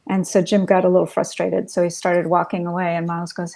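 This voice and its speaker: A woman's voice: on the low side, brisk, few pauses. A woman guest telling stories in a casual interview, laughing often as she goes. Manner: animated anecdotes, laughs often. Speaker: guest, photographer's estate heir.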